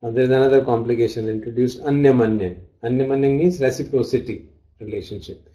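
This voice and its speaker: A man's voice: medium pitch, quick pace, dark tone, rough recording. A man teaching a study class, reading out texts and glossing Pali terms as he explains them. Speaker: dharma teacher.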